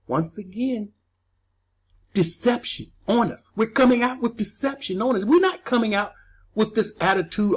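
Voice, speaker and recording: Emphatic woman preaching with a husky voice. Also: fairly high pitch, animated, moderate pace. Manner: emphatic, repeats key phrases, asks listeners rhetorical questions. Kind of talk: sermon.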